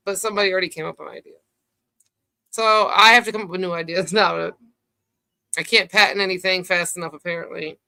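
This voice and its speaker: A woman's voice: fairly low pitch, a bit bright. A woman hosting a live stream in casual chat. She rambles loosely and swears freely.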